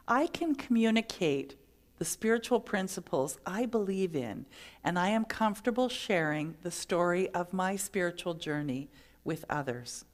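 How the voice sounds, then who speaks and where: A woman's voice: on the low side, lively intonation, moderate pace. A middle-aged woman minister giving a sermon, telling stories and acting out the voices in them. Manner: storytelling, acts out quoted voices.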